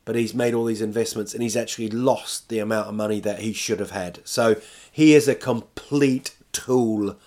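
A man's voice: lowish voice, fairly even intonation, moderate pace, darkish tone. A man rambling in casual, self-mocking chat as a podcast host, talking from home while recovering from illness.

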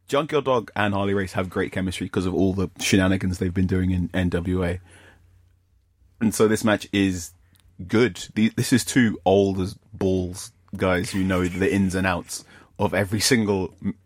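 A man's voice: low-pitched, steady tone, normal speed, no echo, clean studio sound. A man co-hosting a wrestling podcast, a wry storyteller in casual chat. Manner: wry storyteller, acts out quotes. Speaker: podcast co-host.

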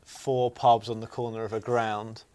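Smooth-voiced cheeky male team captain. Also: lowish voice, flat delivery, darkish tone. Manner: brisk, cheeky. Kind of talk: quiz show banter.

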